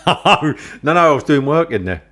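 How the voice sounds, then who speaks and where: A man's voice: a little high, moderate pace. A man telling a long, sweary anecdote in casual chat, acting out the other people in his story. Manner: swearing, animated anecdotes with acted-out quotes. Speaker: podcast host.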